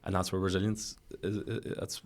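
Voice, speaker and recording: A Northern Irish man, a football coach and podcast guest, telling stories in a quick, chatty way. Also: low-pitched. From Northern Ireland. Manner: animated storyteller, quick and chatty with frequent laughs. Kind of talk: casual chat, storytelling.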